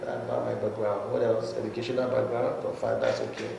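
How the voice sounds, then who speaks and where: Gravelly Nigerian comedian. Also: male voice, mid-range voice, fast talker. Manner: relaxed, laughs between stories. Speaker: comedian guest. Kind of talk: casual interview chat. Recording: echoey studio room.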